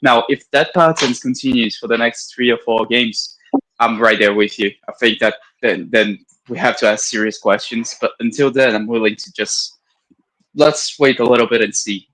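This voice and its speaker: Man co-host, even mid-pitch voice, calm and reasoned, stumbles at the start of lines. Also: low-quality recording. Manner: measured, restarts sentences. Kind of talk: casual chat.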